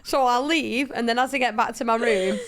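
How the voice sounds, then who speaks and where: A woman co-hosting a podcast, telling stories with animated quoted dialogue in casual chat. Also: a little high, fairly quick. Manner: animated storytelling, acting out quotes. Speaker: co-host, footballer.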